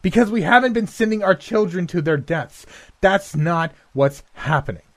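An agitated father in denial barks and shouts, his voice pushed up and strained, as a man acts him out. There is a husky grain to it, and it is recorded dry and close. He insists with mounting force. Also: fairly high pitch, expressive, moderate pace, no room sound, voice pushed up. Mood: shouting.

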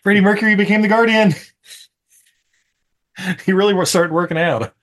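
This podcast co-host has a fairly high, somewhat bright voice and talks at a normal speed while casually going over a film. His recap meanders, broken up by lots of laughing and scenes he performs.

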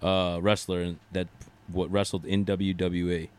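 A man with a somewhat low voice reading out facts he has just looked up, stumbling slightly as he goes. His delivery is plain and conversational. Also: flat delivery, smooth. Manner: reads out facts, a bit halting. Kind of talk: casual sports chat.

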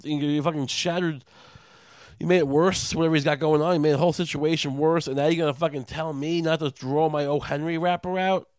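A man with a somewhat high voice goes on a profane comedic rant. He stammers through restarts and slips into mocking voices he puts on for others. The sound is dry and close, with no room around it. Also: fairly even intonation, fairly quick, dry recording.

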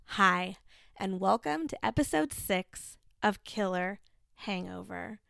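A woman's voice: mid-range voice, lively intonation, slow pace, vocal fry, fairly bright tone, smooth, no room sound, clean studio sound. A woman co-hosting a podcast in casual chat, playful and teasing, a bit out of breath. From Kansas City area, USA. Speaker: podcast co-host.

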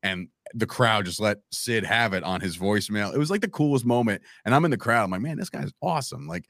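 A man telling stories as a podcast guest in a casual, animated way, acting out quoted lines and calling the listener "bro" and "man". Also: on the low side, brisk, no room sound, clean studio sound. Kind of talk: casual storytelling chat.

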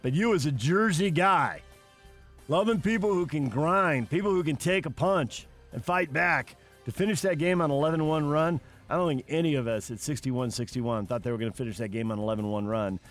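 A man hosting a sports radio show, briskly running through scores and handing off to his co-host. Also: fairly high pitch, soft background music. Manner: brisk, reads scores then asks co-host.

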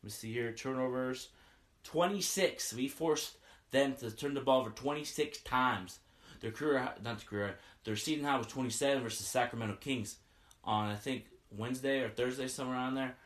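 A man giving a casual, excited fan recap of a basketball game, as a sports podcaster who keeps saying "you know what I mean.". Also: medium pitch, fairly quick, echoey room.

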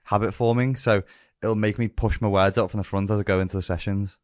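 Low-voiced Scouse man, dry close sound. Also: fairly even intonation, fast talker, dry recording. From Northern England. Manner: joking, practising careful pronunciation. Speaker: podcast co-host. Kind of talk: casual chat.

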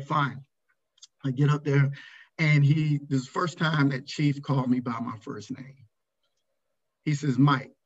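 A man's voice: medium pitch, vocal fry, muffled recording. A middle-aged man, a retired navy command master chief, candidly telling a story from his career in a casual interview. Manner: candid, animated when retelling his anger.

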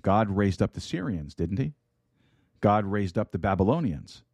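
Man preaching, low mellow voice, dry close sound, repeats words, asks listeners questions. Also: very animated, normal speed, no echo. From United States. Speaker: pastor. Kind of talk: sermon. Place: online broadcast with a chat room.

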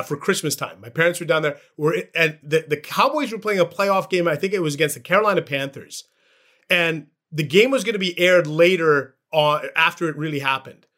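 A man's voice: on the high side, a bit bright. A man hosting a sports podcast, chatting casually and telling a story with animation. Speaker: podcast host.

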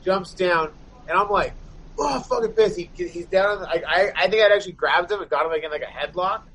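A man with a notably high-pitched voice tells a rambling, heavily profane story, thick with "like" and "you know". Faint background ambience sits under his voice. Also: fast talker, a bit bright, a little hiss or hum, poor audio. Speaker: touring band member telling a story. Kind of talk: casual chat.

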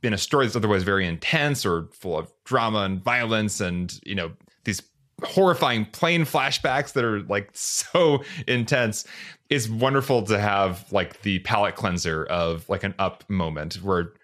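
A man's voice: fairly low pitch, moderate pace, a bit bright. A man co-hosting a podcast, speaking earnestly and reflectively in casual chat. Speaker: podcast co-host.

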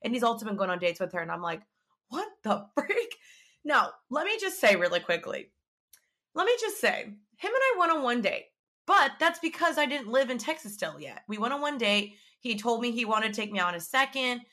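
A young woman chatting casually to the camera, telling a dating story in an animated, chatty way and acting out quotes. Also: on the high side, brisk. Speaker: vlogger.

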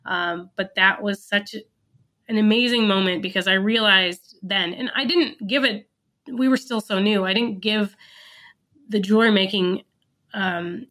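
A woman's voice: medium pitch, a bit bright. A woman who founded a business, telling an earnest, reflective story in an interview, with fillers and restarts.

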